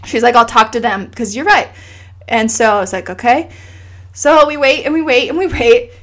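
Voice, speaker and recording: With a slightly high voice at a moderate pace, this guest in her thirties shares something personal in a relaxed conversation. She's heartfelt and emotional, animatedly voicing other people's words in spirited asides.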